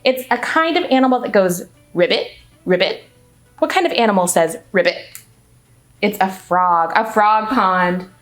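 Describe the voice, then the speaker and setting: A woman reading a picture book aloud to children as a children's librarian, animated and asking the listeners questions. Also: medium pitch, moderate pace, hardly any pauses. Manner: animated, asks the audience questions. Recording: echoey room, faint music.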